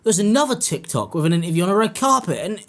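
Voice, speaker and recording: A man giving sarcastic commentary, mocking and animated, often jumping into high-pitched impressions. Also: fast talker. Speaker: commentary YouTuber.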